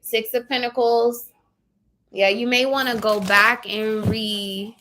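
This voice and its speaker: A woman's voice: a little high, flat delivery, takes it slowly, noisy background. A woman giving a casual live tarot reading, chatty and blunt, casually swearing and speaking to viewers by name. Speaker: tarot reader.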